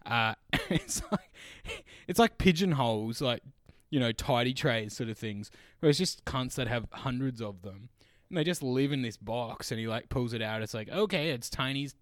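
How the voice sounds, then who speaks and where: A man's voice: medium pitch, moderate pace, no room sound, studio quality. A man with an Australian accent in casual podcast chat, telling stories animatedly, laughing often and swearing freely.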